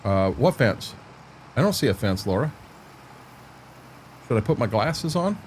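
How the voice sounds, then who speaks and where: Playing a farming game on stream, a man rambles folksily to his audience and to his dog in casual conversation. His voice is medium-pitched and sing-song, his pace measured, with slight background noise.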